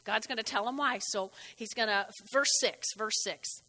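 Woman preacher, folksy animated sermon, repeats phrases, high voice, echoey hall. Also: normal speed.

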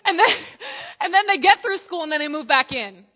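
A woman preaching a lively sermon in church, telling jokey stories and acting out quotes. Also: extremely high pitch, moderate pace, noisy background.

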